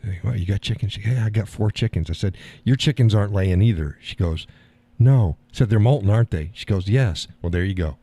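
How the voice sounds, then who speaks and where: Fairly low-pitched and slightly rough with a dark tone, this streamer talks fairly quickly. He rambles bluntly through a casual monologue, laughing a lot and cursing freely, on a dry recording over an audio call setup.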